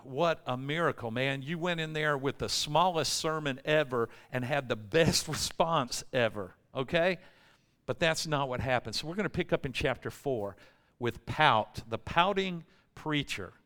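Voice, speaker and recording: A man's voice: medium pitch, a bit bright. A man preaching a casual, joking sermon in a church, acting out prayers, with fillers along the way. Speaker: pastor. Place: church sanctuary. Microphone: amplified microphone, loud in the room.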